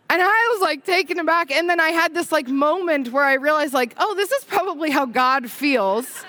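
A woman in her thirties preaching a conversational sermon, full of "right?" and "like" and quick laughs as she tells stories. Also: sits high, animated, a bit bright. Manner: chatty, frequent "right?" and "like", laughs while telling stories.

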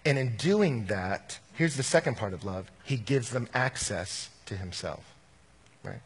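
A man preaching a sermon as a pastor, telling personal stories, swinging from animated to quiet and intimate. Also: mid-range voice, measured pace, husky.

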